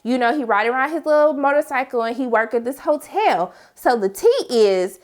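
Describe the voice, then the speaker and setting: Hosting a casual recap of a reality TV episode, a woman animatedly acts out what people said in exaggerated voices. She speaks at a moderate pace with a high-pitched voice.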